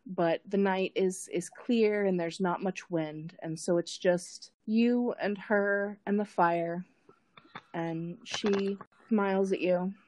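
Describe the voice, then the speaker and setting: Acting as game master, a woman narrates a tabletop role-playing scene without hurrying, thinking aloud with lots of fillers and repeated words. Her voice is fairly low with a darkish tone, recorded dry.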